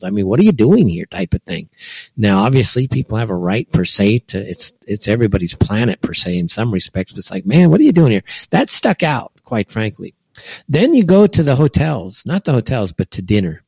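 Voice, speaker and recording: A man's voice: fairly low pitch, darkish tone, breathy edge, no echo. A man from California, talking in a loose, rambling monologue full of fillers and little acted-out asides. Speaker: commentator. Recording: dull, dry lo-fi recording.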